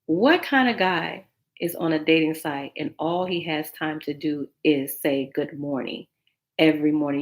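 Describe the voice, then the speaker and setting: A woman's voice: low-pitched, moderate pace. A woman dating coach hosting a podcast, giving casual advice and acting out text exchanges in quoted voices. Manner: animated, acts out texts in quoted voices.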